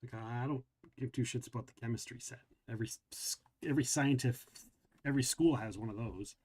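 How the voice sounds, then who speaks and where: A man's voice: medium pitch, fairly quick, mellow, husky. A man playing a tabletop role-playing game, narrating his character and speaking for him. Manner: casual, slips into character voices. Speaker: player.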